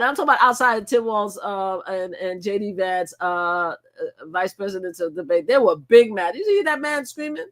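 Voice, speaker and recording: An older woman hosting a livestream and reacting to clips. She speaks emphatically, repeats her points and exclaims loudly at what she sees. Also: medium pitch, lively intonation, normal speed. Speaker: livestream host.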